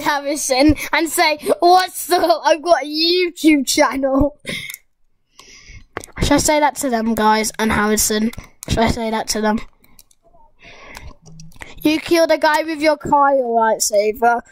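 Young gamer girl, high-pitched and dry-miked, excitable rambling game commentary to viewers. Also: moderate pace, no echo, rough recording. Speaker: gaming YouTuber. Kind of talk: casual gameplay commentary.

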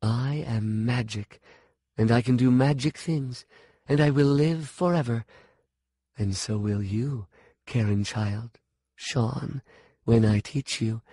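Hushed, dreamy ageless witch, soft and unhurried, dry close sound, read by a man. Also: medium pitch, no echo. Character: ageless wild-haired female witch, dreamy and possessive.

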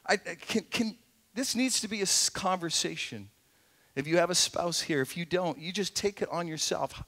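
A middle-aged pastor with a high-sitting voice preaches a sermon in a church sanctuary. He is earnest and conversational, swinging between emphatic points and quiet asides.

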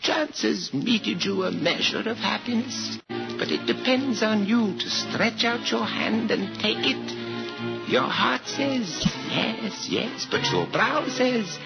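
An actor playing a scheming old gypsy fortune-teller woman in a 1950s radio drama, his voice croaking and half-whispered. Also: high voice, expressive, heavily acted. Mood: ominous. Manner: slow and ominous. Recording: old radio recording over loud music.

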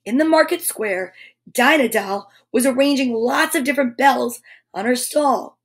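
A woman hosting a children's show, reading a storybook aloud with animated narration and whispered asides. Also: high voice, normal speed. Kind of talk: storybook read-aloud for kids.

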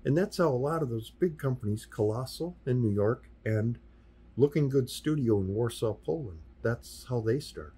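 Husky-voiced man, 60s. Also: mid-range voice, lively intonation, normal speed, warm tone. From US Midwest. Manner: anecdotal, acts out quoted dialogue in passing. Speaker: sign painter and workshop teacher, podcast guest. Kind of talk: casual interview storytelling. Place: podcast studio.

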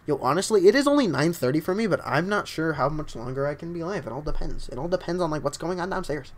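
A young man with a scratchy voice, livestreaming a game at home, chatting casually and excitedly while greeting his viewers. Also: a little high, quick pace. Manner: excitable, rambling, greets chat often. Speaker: livestreaming gamer.

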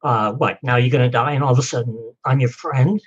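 A man's voice: mid-range voice, fairly even intonation, fairly quick, husky, highs cut off, close to an everyday voice. A man voicing God as a wry, skeptical male voice from the sky in a joke. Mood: sardonic. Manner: dry, sardonic questioning.

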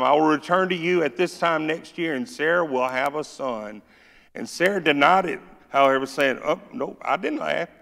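Southern pastor, gravelly, folksy sermon delivery, church hall reverb. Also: male voice, mid-range voice, a bit bright. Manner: folksy, joking, reads scripture with rising force. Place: church sanctuary.

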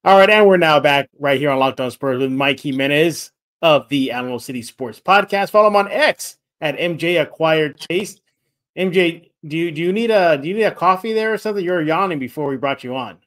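A man hosts a sports podcast in an energetic, rambling way, circling back on his own points. His voice sits a bit on the high side. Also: brisk. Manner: energetic, rambling, repeats himself. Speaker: podcast host. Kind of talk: sports podcast talk with read ads.

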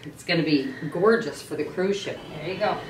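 Quick, cheerful mother chatting. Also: deep voice. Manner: quick, laughing, excitable. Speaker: vlogger's mother. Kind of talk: casual family chat. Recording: noisy room.

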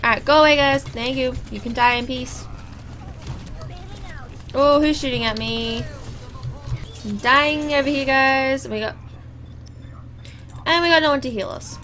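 Bright-voiced, high young woman gaming. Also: unhurried, pauses often, faint music behind. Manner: chatty, exclaiming at the game, laughing. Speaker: gaming YouTuber. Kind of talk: live gameplay commentary.

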